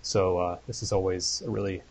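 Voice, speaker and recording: A man hosting a live interview, relaxed and casual, reading out viewer questions with many fillers. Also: low voice, a little fast, husky. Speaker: host. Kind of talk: live video interview chat.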